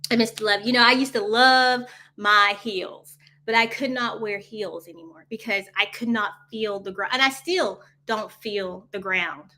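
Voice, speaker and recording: A woman's voice: mid-range voice, unhurried, bright, forceful tone. A woman hosting a casual live coffee chat, rambling from topic to topic, laughing often and answering viewers directly. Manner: rambling, chatty, jumps between topics and answers viewer comments; laughs often, talks straight to viewers as y'all.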